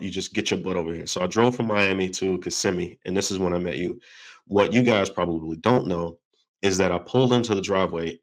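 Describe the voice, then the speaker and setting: Deep-voiced man telling an animated story. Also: low-quality recording. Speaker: podcast host. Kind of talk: conversational interview.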